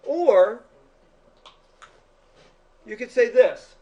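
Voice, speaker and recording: A man's voice: very high-pitched, lively intonation, very slow, muffled recording. A male teacher giving a chatty classroom lecture, joking with his students. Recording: echoey classroom from far off.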